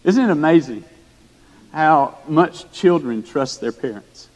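A man preaching a storytelling sermon, animated and folksy, with frequent restarts. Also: a little high, slow pace. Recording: echoey hall.

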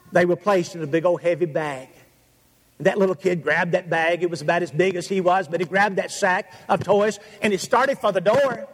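A man preaching a sermon, telling a story in rhythmic, repeated phrases with dramatic pauses. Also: high voice. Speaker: pastor. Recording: long hall reverb.

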